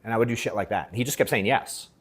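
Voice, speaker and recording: A man coaching a live workshop audience on sales, telling a story in casual, slangy, profane speech with animated acted-out quotes. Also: lowish voice, very fast, husky. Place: event room at an in-person workshop.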